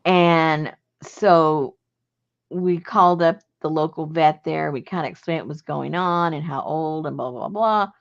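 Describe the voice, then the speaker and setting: A woman with a low, gravelly voice spins a long personal story in a loose, chatty way. She laughs often as she talks. The recording sounds dull and lo-fi. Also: measured pace. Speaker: journaling channel host. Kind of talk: casual storytelling.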